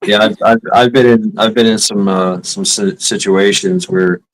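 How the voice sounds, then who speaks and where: A man's voice: lowish voice, moderate pace, low-quality recording. A man hosting a casual chat, telling stories with lots of swearing and acted quotes. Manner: profane storytelling, animated quotes. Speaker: host.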